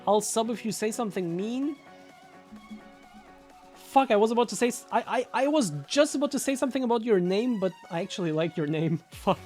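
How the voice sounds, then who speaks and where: A young woman live-streaming in a loose, chatty way, breaking into loud, cursing exclamations and laughter. Her voice is fairly high and very animated, leaping up and down in pitch. Faint music plays behind her. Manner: loud swearing outbursts and quick laughter. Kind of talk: casual live-stream chat.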